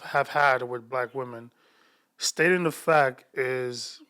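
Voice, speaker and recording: A man giving commentary over clips in a measured way, pausing and restarting often. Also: medium pitch, fairly bright tone. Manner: measured, halting, with many restarts.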